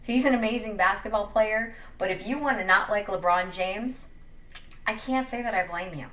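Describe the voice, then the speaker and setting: A woman's voice: medium pitch, moderate pace, a bit bright, recorded from a distance. A young woman from Wyoming talking sports in a casual, sassy, jokey opinion vlog. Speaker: sports commentator. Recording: echoey room, a little off-mic.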